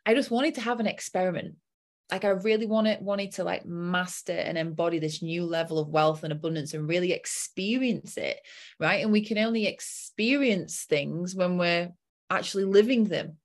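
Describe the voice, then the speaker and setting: A woman's voice: lowish voice, normal speed. A young adult woman coach telling a personal story in a casual chat and acting out her own inner voice.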